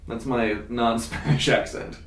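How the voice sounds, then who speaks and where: A man's voice: medium pitch, lively intonation, moderate pace, a little hiss or hum. A man hosting a wine tasting show, chatting casually in a jokey, rambling way with plenty of fillers. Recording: roomy sound from a distance.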